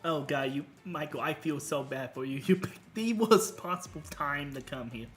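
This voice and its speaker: A woman in her twenties streaming casually, playful and teasing, moving between soft whispers and loud bursts. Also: low-pitched, moderate pace, soft background music. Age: 20s. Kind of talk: casual live-stream chat with teasing role-play lines.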